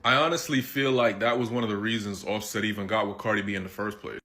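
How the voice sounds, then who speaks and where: A man's voice: lowish voice, fairly even intonation, fast talker, pushed and bright. A man giving casual commentary, amused and incredulous.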